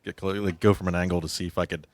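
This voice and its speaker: A man with a very deep voice talks quickly as a player in a tabletop game. He plans each move in practical terms, and his voice sits close and dry. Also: little pitch movement, a little mellow, no echo. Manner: tactical, practical questions. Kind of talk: casual tabletop play.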